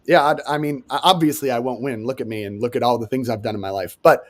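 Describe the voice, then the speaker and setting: A young man from New York co-hosting a casual comedic chat, animated and sarcastic, swearing freely. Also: medium pitch, quick pace. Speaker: podcast co-host.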